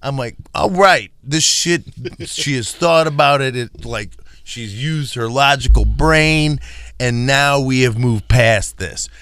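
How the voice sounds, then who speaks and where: A man's voice: medium pitch, a little slow, a bit bright. A middle-aged married man telling profane stories in casual banter, acting out his wife's lines. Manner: profane storyteller, acts out quotes. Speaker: podcast co-host.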